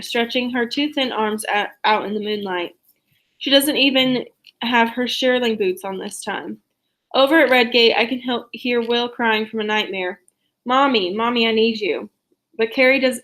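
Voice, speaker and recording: A woman with a fairly high voice reads a novel aloud. Her narration is steady and unhurried, in a plain first-person storytelling manner. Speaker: reader of a novel.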